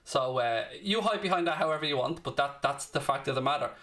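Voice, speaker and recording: A man's voice: medium pitch, animated, fast, a bit bright. A young man hosting a live football watchalong, commentating on the match and ranting and swearing back at his chat. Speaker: watchalong host.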